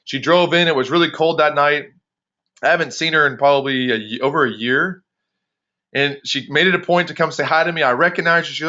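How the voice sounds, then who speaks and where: A man leading a motivational conference call for his sales team, energetic and preachy, repeating phrases for emphasis. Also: a little high, fast talker. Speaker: network marketing team leader. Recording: dull lo-fi phone call audio.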